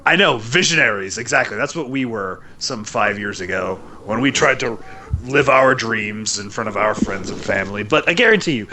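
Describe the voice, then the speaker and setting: A man hosting a wrestling podcast, telling stories in an animated, laughing way. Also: on the low side, normal speed, background noise. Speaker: podcast host. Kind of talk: casual chat.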